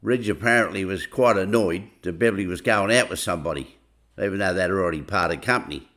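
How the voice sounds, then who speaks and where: A man's voice: low voice, a little fast, fairly bright tone. A middle-aged man casually telling a rambling personal anecdote, full of "I said, he said.". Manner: rambling, chatty retelling full of "I said, he said". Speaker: storyteller.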